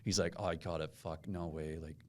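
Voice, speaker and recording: A man's voice: low voice, fairly quick. A young man co-hosting a podcast in casual chat, swearing often and acting out quotes as he tells stories. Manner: animated storyteller, swears often, acts out quotes. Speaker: podcast co-host.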